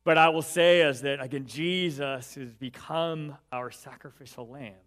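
A pastor preaching a sermon and reading scripture aloud, earnest and building emphasis, often dropping in "right" as an aside. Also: male voice, a little high, a little slow, fairly bright tone.

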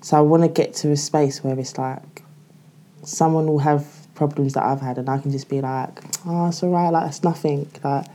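A woman's voice: sits low, steady tone, normal speed, dark tone. A woman, speaking candidly in a casual podcast chat, full of "like" as she tells her story. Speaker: guest.

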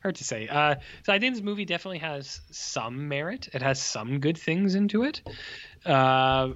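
A man's voice: a little high, expressive, moderate pace, fairly bright tone, muffled recording. A man co-hosting a casual movie review podcast, joking and rambling with mock exclamations. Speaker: podcast co-host.

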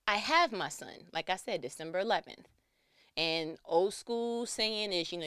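A young woman telling a personal story in a lively, slangy way, acting out the voices she quotes. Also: on the low side, clear, resonant tone, dry recording, clean studio sound. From New York.

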